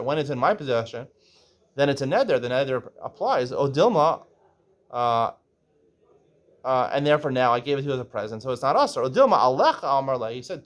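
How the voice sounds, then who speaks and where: Man explaining a Talmud page. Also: mid-range voice. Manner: explains step by step, often checks with "right?"; reads Aramaic phrases aloud, then translates them. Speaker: Talmud teacher. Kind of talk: casual Talmud lesson.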